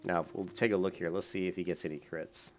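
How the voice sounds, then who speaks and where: A man's voice: deep voice, steady tone, fairly quick, faint music behind. A man giving casual, rambling commentary while playing an online game, with many fillers. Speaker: gaming YouTuber.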